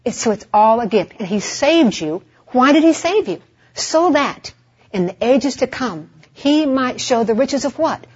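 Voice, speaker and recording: A woman's voice: high-pitched, animated, a little slow, slightly rough. A woman preaching a sermon, asking rhetorical questions and answering them herself. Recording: dull, muffled lo-fi recording.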